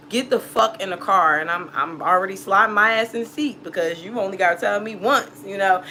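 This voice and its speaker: A woman's voice: medium pitch, pushed and bright, slight background noise. A woman who reads tarot, telling a personal story casually in a blunt, profane way, laughing often. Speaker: tarot reader.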